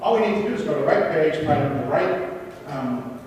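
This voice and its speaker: A man's voice: fairly high pitch, expressive, normal speed, a little mellow, distant mic, slight background noise. A man giving an interactive conference presentation, animatedly putting rhetorical questions to the audience. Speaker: conference speaker. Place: conference hall. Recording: echoey hall, recorded from afar.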